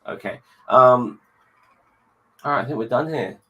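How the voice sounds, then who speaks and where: A man hosting a casual online chat show, blunt and quick to swear, with cheery sign-offs. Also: medium pitch, sharp tone, muffled recording. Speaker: podcast host.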